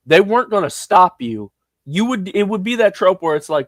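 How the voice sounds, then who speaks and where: A young man talks through a film with a friend, joking, swearing and laughing as he acts out quotes. His voice sits a little high and swings widely in pitch. The recording is dry and close. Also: lively intonation, quick pace, dry recording. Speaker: podcast co-host. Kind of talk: casual film review chat.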